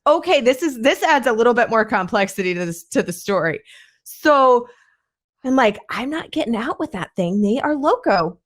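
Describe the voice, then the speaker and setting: A woman podcast host telling a story in casual conversation, animatedly acting out what others said. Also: normal speed. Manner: animated, acts out quoted voices with rising pitch.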